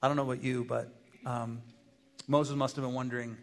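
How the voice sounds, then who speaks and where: Animated pastor preaching in a reverberant hall. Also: male voice, mid-range voice, a little fast, gravelly. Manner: animated, acts out dialogue with God in varied voices; asks the congregation rhetorical questions. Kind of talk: sermon.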